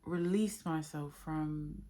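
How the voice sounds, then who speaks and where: In a mellow, low-pitched voice, this spiritual vlogger speaks from the heart without a script, emotional and halting, struggling for words to describe her inner journey.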